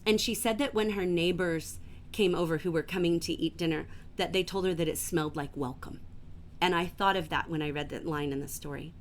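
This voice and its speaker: A woman's voice: on the low side, a little hiss or hum. Enthusiastic woman teaching a literature class. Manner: enthusiastic, gently emphatic, reads passages aloud slowly.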